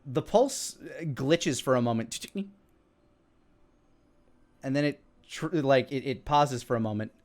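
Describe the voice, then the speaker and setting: A man's voice: mid-range voice, takes it slowly, long pauses, a little mellow. A man narrating a tabletop game as dungeon master, describing scenes with frequent fillers.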